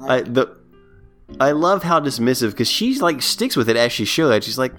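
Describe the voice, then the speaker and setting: A man co-hosts a casual podcast and recaps a film with animated, swooping delivery. He jumps into squeaky put-on voices for the characters. Faint music plays underneath. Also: normal speed. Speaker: podcast co-host. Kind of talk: casual movie recap chat.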